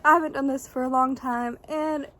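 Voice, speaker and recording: Breathless chatty young woman, high voice. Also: fairly even intonation, fairly bright tone. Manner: fast, chatty and bubbly. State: out of breath from the cold. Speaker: vlogger. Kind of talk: casual unboxing vlog. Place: outdoors in the snow.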